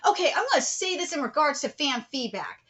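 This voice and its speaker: A woman's voice: sits high, sing-song, fairly quick, a bit bright. A woman vlogger ranting in a commentary video, blunt and profane, hammering points with repetition. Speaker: anime vlogger.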